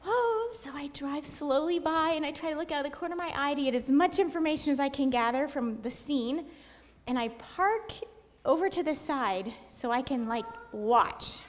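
A woman guest telling a personal story in an animated way, acting out what people said. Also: high-pitched, moderate pace. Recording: long hall reverb.

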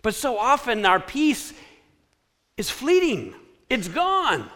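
A man preaching a sermon, posing rhetorical questions and dropping to a hushed tone to repeat a scripture refrain. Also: very high-pitched, wildly swooping pitch, takes it slowly. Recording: echoey hall with long reverb.

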